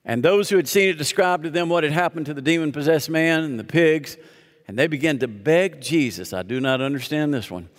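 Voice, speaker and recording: A man preaching a sermon as pastor, reading scripture aloud and leading the congregation in call-and-response with joking asides. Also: fairly high pitch. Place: church sanctuary. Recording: long reverb of a large hall.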